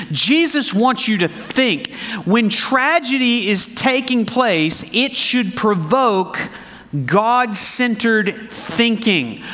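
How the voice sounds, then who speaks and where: A man preaching a sermon, animated and conversational, asking the congregation questions as he reads scripture. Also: high voice, in a large hall. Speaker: pastor.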